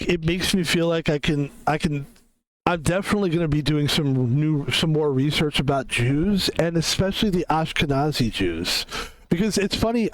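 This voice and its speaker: A young man streaming a video game, chatting casually in an excitable, rambling way and laughing often. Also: fairly high pitch, low-quality recording. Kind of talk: casual live-stream chat.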